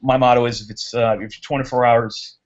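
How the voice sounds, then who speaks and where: A man, a guest drone racer, chatting casually on a live hangout, telling stories in an animated way. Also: mid-range voice, fairly quick, dull audio.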